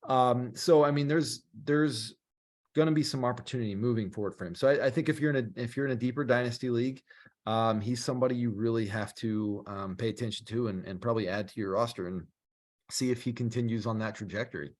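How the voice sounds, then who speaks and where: A young man in his own casual podcast voice, middle-pitched and chatty. He laughs easily and fills his talk with ums and restarts as he works through his points. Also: fairly even intonation, fast talker, a little mellow. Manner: chatty, laughs often, many fillers and restarts. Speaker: podcast co-host. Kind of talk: casual sports podcast chat.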